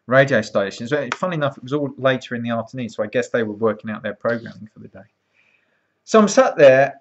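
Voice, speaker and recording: A man telling a long story casually, acting out the people he quotes, with lots of ums and restarts. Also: medium pitch. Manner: animated, acts out quoted voices, frequent ums and restarts. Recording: dull lo-fi sound.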